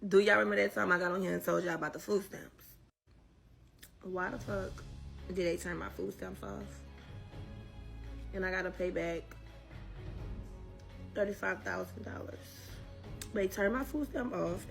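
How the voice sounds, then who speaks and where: A woman's voice: medium pitch, vocal fry, fairly bright tone. A woman ranting casually to her followers, profane and exasperated. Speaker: social media poster. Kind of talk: casual rant to camera.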